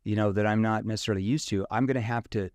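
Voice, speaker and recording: A man's voice: lowish voice, steady tone, very fast, darkish tone, smooth, no echo. A man from rural Missouri, a sales trainer talking casually in an interview and acting out questions in different tones.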